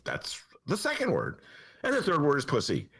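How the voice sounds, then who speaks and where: Male columnist-host, sarcastic comic riffing, extremely wide pitch swings. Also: moderate pace, gravelly, breathy edge. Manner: animated and sarcastic, jumps to high mock voices. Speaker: podcast host, newspaper columnist. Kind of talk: casual comic monologue.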